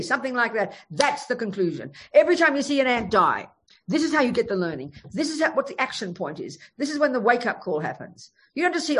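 Animated woman teaching Buddhism. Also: a little high, fast talker, slightly rough. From Australia. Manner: animated, emphatic, frank storytelling. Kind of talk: Buddhist dharma talk.

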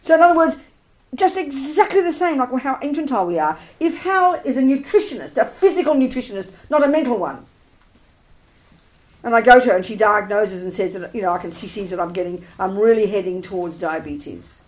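Woman teacher, slightly high voice, emphatic and animated, dharma talk to a group. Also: fairly quick, rough recording. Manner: emphatic, animated, acts out little scenes. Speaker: Buddhist teacher.

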